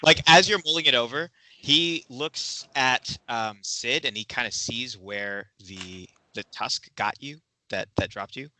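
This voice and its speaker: Slow-spoken male game master, halting delivery, bright voice. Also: mid-range voice, a little hiss or hum, low-quality recording. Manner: slow, halting narration with many fillers. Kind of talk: narrating a tabletop game.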